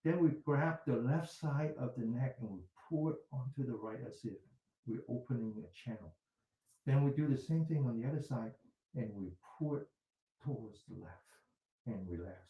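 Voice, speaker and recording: In an echoey room, a male mindfulness instructor calmly guides a group through self-massage one step at a time. His voice is medium-pitched at a normal speed, and he softens to a gentle whisper on repeated words.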